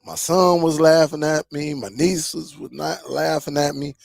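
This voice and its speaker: Guy hosting a live stream, gravelly voice, kinda high, dry close sound. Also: fairly even intonation, measured pace, dry recording. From Michigan. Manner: laid-back, greets viewers by name, slangy. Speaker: streaming channel host. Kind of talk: casual live-stream chat.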